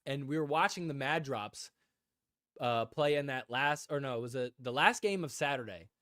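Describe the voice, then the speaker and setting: A man co-hosting a casual livestream podcast, telling a story with animated delivery and frequent laughter. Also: mid-range voice, moderate pace, no echo, clean studio sound. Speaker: podcast co-host.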